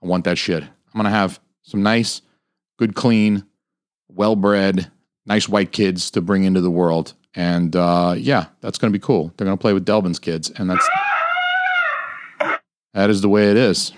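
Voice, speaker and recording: Deep-voiced, profane podcast host ranting. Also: male voice, fairly even intonation, unhurried, dry recording. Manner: profane, crude, rambling. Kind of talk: solo podcast rant.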